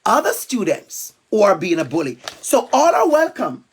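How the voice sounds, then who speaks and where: A woman speaking emphatically to students, building long repeated lists and slowing down to read aloud. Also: mid-range voice, big pitch swings, breathy edge. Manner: emphatic, repetitive listing, slows for reading aloud. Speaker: guest speaker reading to students. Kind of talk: expressive talk and read-aloud. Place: school event.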